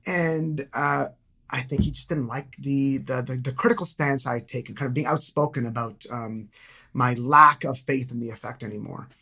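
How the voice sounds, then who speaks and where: Middle-aged man, podcast guest, halting, filler-heavy casual talk. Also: mid-range voice, pushed and bright, breathy edge. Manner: hesitant, many fillers and restarts. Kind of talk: casual conversation.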